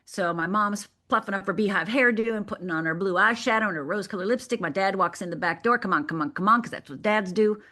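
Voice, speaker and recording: This is a woman from Michigan, a guest life coach on a radio show, who tells a personal story with vivid drama. She acts out the voices of the people in it as she goes. Her voice sits at a middle pitch for a woman. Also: quick pace, few pauses, bright, forceful tone.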